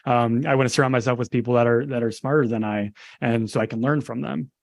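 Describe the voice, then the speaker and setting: A man's voice: mid-range voice, steady tone, creaky, no room sound. A man co-hosting a podcast and talking casually about training his clients. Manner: fast, with filler restarts.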